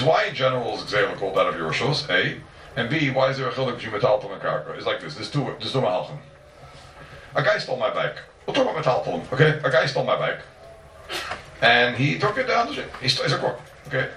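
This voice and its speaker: A man teaches a Talmud class at a quick clip, pressing his points again and again and firing off rhetorical questions. His pitch swings widely as he talks. He is heard from a distance in an echoey room. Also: sing-song, sharp tone, a little hiss or hum. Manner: repeats and restates points emphatically; asks rhetorical questions and answers them.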